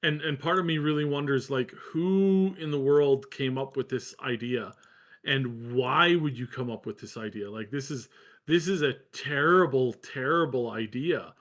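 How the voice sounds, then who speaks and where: A man co-hosts a live gaming news stream, offering wry, sarcastic commentary in a relaxed, conversational way. His voice sits at an ordinary middle pitch. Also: a little slow. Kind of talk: casual chat.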